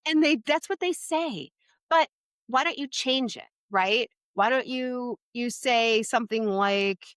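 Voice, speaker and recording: A woman talking as a podcast guest, giving parenting advice in an animated, chatty way full of "like" and "right?". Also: fairly high pitch, unhurried, no room sound, clean studio sound. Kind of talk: casual interview conversation.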